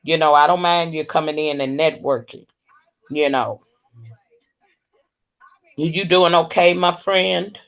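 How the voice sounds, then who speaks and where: A woman's voice: deep voice, steady tone. A woman hosting a casual livestream, drawling and calling viewers baby and honey. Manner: slow, drawling, full of terms of endearment. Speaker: livestream host.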